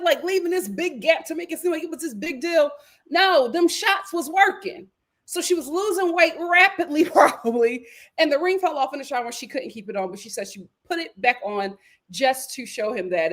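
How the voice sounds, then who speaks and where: A woman giving casual, sassy reality TV commentary on a livestream from home, swinging between loud outbursts and hushed asides. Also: sits high. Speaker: YouTube commentator. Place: home room.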